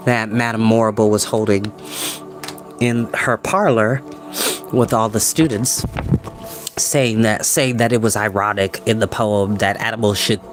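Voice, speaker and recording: A man reading a novel aloud as storyteller, thoughtful, stopping to comment and sometimes stumbling on hard words. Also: lowish voice.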